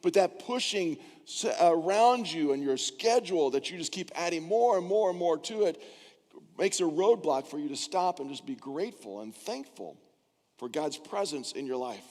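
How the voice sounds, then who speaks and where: An older man preaches a sermon in a church, his somewhat high voice trailing into a long hall reverb. He talks in a conversational way and slips into the voices of the people he quotes. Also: expressive, normal speed, darkish tone. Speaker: pastor. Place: church sanctuary.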